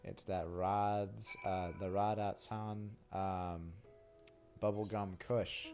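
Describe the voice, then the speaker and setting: A young male streamer talking loosely over the game, his voice sitting a bit low. He rambles and jokes with a steady stream of "like" and crude asides. Game music plays clearly behind him. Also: slow. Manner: rambling and joking, heavy use of "like", crude humor. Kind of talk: casual live-stream chat while reading game dialogue.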